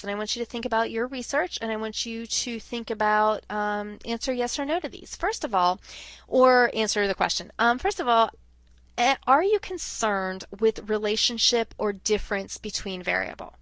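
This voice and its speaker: A woman's voice: medium pitch, a bit bright, no room sound. A woman giving a recorded lecture, explaining things step by step. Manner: explanatory, walks students through questions step by step.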